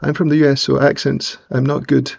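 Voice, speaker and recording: Scottish guy, mild accent, husky gravelly voice, chatty and rambly, kinda muffled audio. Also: mid-range voice, little pitch movement, fairly quick, darkish tone. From Scotland. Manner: chatty, rambling, frequent restarts. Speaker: livestream host. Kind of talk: casual chat while working.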